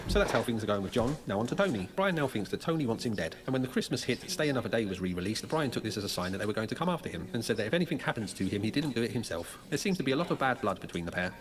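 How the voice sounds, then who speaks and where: A man's voice: mid-range voice, very animated, rapid-fire, few pauses. A man narrating a video script in a dry, matter-of-fact way.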